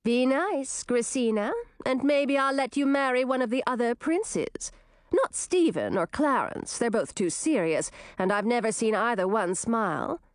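Lady doing a bratty high-pitched princess girl, bossy and chattery. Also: expressive, unhurried, no echo, studio quality. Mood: condescending. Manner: condescending, chattering.

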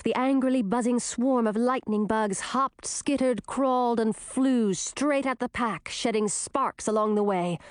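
A woman narrating a fantasy audiobook in a measured, expressive reading. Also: on the high side, no echo, studio quality. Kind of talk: scripted fantasy storybook narration.

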